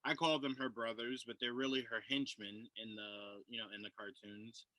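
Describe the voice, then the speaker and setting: A man's voice: mid-range voice, steady tone, normal speed, bright, forceful tone, no room sound, rough recording. A man co-hosting a casual podcast film review, enthusiastic and repeating himself as he talks.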